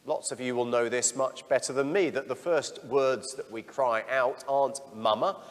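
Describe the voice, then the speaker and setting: A middle-aged parish priest giving a sermon, telling stories about himself in a candid, self-deprecating way. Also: male voice, medium pitch, fairly even intonation, moderate pace, big-room sound. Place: church.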